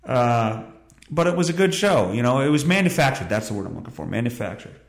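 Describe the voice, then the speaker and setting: A man's voice: medium pitch, sing-song, brisk, gravelly. A man hosting a podcast, rambling through a casual monologue and reading news with a sarcastic, profane manner. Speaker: podcast host. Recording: echoey room.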